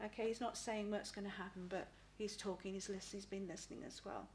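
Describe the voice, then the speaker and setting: A middle-aged woman giving a live spirit reading as a psychic medium. She talks haltingly, repeats words and often asks "please?". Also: mid-range voice, fairly even intonation, a little mellow, a little hiss or hum.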